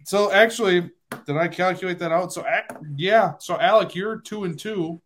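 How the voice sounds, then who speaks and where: A man hosting a casual sports podcast, animated and quick to laugh at himself. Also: high voice, a little hiss or hum. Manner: animated, laughing, self-deprecating. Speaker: podcast host.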